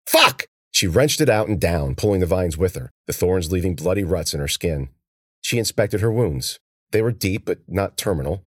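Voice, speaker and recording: A male narrator reads the story in a low, husky voice. His delivery rises and falls with lively, expressive pitch. The recording is dry and close. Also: dry recording. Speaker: audiobook narrator. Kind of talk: scripted narration.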